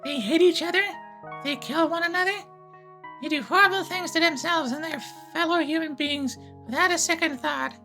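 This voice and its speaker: A man's voice: very high-pitched, normal speed, sharp tone, soft background music, pitched above the performer's own voice, full character voice. A man voicing a detached, philosophical figure in a game, musing in manner.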